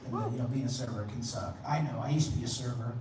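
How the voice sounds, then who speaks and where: A man's voice: mid-range voice, quick pace, background noise. Man, stand-up comic, brash, profane, echoey club, distant mic. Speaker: stand-up comedian and emcee. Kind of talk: stand-up comedy set. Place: comedy club stage.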